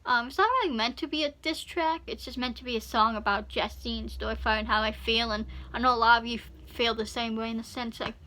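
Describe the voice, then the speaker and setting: Woman, reaction vlog host, bright voice, a bit high, rambling, lots of "like" and "you know". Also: fairly even intonation, fairly quick, hardly any pauses. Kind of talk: casual reaction commentary. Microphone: phone camera.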